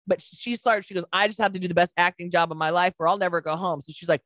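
Animated woman retelling a story. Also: lowish voice, quick pace, dry recording. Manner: animated storyteller acting out quotes, swears freely. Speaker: podcast co-host. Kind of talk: casual chat.

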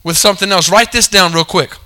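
A man's voice: sits high, fairly quick, bright, forceful tone. A man preaching a sermon, calling for amens, repeating his points and correcting himself mid-sentence. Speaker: pastor.

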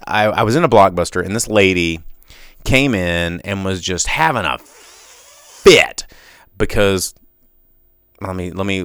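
A man hosting a solo podcast, rambling and passionate, often drifting off on tangents. His low voice is bright and crisp, swinging widely in pitch, recorded close and dry with no room sound. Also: dry recording. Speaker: podcast host.

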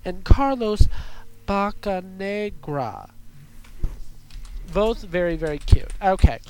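Her voice is thick and congested, like she's fighting a cold, as she hosts a chatty gossip show. Her tone is sassy and loose, with profanity sprinkled in, and she keeps calling her listeners darlings and girls. The pitch sits at an ordinary middle height, with a faint hum of noise underneath. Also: lively intonation, slow pace, warm tone. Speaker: podcast host. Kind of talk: casual chat show monologue.

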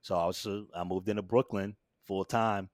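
Man, interview guest, storytelling, animated, acts out quotes, dry recording. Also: moderate pace, dry recording. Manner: animated, acts out quotes with big jumps in pitch and volume.

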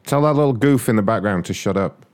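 A man's voice: lowish voice, lively intonation, quick pace, darkish tone. A man making a prank call, needling the person on the line with crude insults. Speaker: prank caller.

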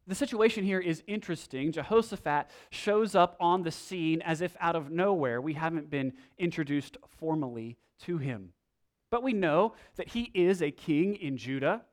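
A man's voice: a little high, expressive, normal speed. A male pastor preaching a sermon, praying and reading scripture, with a conversational manner, asides and rhetorical questions.

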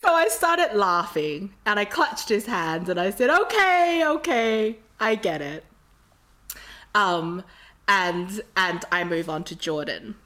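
A woman's voice: on the low side, expressive, measured pace, bright, forceful tone. A woman from Australia, telling a long rambling story in casual chat with lots of fillers.

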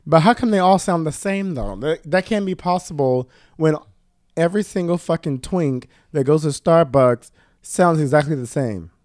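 A man's voice: on the high side, normal speed, darkish tone, no room sound, clean studio sound. A man co-hosting a casual podcast chat, brash and profane. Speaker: podcast co-host.

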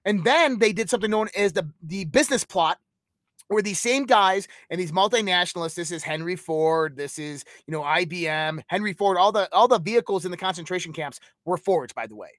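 High-voiced man lecturing emphatically. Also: brisk, fairly bright tone, dry recording. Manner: emphatic, lecturing, uses rhetorical questions; rambling, piles up lists. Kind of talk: conspiratorial monologue.

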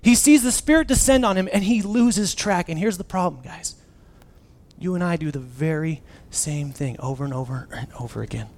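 A man in his thirties preaching a sermon, telling stories with lively restarts. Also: on the high side, normal speed. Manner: animated storytelling with many restarts. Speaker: pastor.

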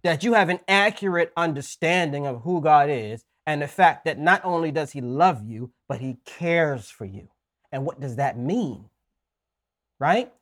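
A man preaching a sermon in a conversational way, often checking in with "right?" and reading scripture slowly with emphasis. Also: on the high side, animated, fairly bright tone. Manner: folksy asides.

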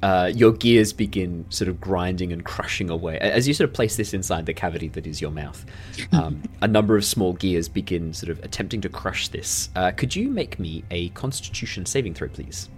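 A man narrating a tabletop game as game master, in a relaxed, rambling way with many fillers. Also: sits low, brisk.

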